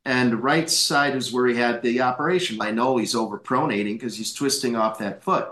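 A man in his fifties, a guest chiropractor, telling animated anecdotes, laughing often and acting out the voices in his stories. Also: medium pitch, a little fast, roomy sound. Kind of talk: anecdotal storytelling.

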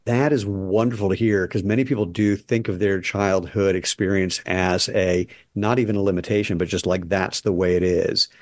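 A man's voice: fairly low pitch, steady tone, moderate pace, hardly any pauses, darkish tone, no room sound, clean studio sound. A man hosting a podcast interview, chatty and jokey with rambling asides. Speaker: podcast host. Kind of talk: casual interview chat.

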